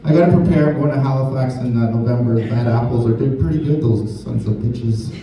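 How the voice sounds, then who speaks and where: A man's voice: medium pitch, fast. A man from Canada doing a crude, rambling stand-up set, swearing a lot. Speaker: stand-up comedian. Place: large indoor hall, live show. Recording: echoey hall from far off, crowd noise. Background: audience laughter.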